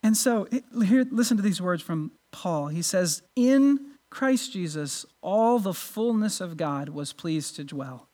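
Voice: mid-range voice, animated, measured pace, few pauses, dark tone. Pastor, sermon delivery, earnest, stumbles and restarts, rhetorical.

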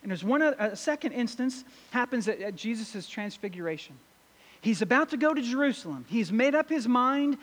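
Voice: medium pitch, lively intonation, moderate pace, a bit bright. A preacher giving a sermon, reading and repeating scripture verses and asking the congregation rhetorical questions. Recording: long hall reverb.

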